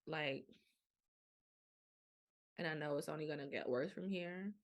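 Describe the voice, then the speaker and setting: Podcast host, young woman, low gravelly voice, blunt and animated. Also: a little slow. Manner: frank, animated storytelling with colloquial speech. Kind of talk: candid casual monologue.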